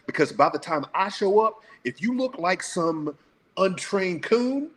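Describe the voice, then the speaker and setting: A man's voice: high voice, lively intonation, unhurried. A blunt, profane man speaking emphatically as a guest on a casual panel talk show.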